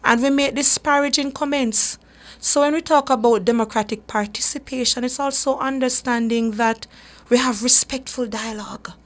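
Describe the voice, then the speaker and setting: A woman's voice: fairly high pitch, fairly even intonation, moderate pace. A woman, a human rights advocate hosting a radio talk show, speaking earnestly and emphatically with frequent restarts. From Jamaica.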